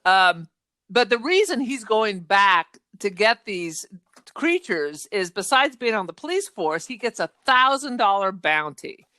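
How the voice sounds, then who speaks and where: A woman co-hosting a podcast, chatting casually and retelling a film's plot in an animated way. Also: mid-range voice, a little slow, dry recording. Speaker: podcast co-host. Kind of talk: casual chat.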